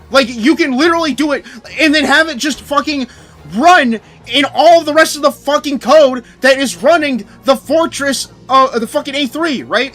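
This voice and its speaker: A young man streaming a game rants angrily and sarcastically, swearing a lot. His voice is very high-pitched and sharp at normal speed, with soft background music.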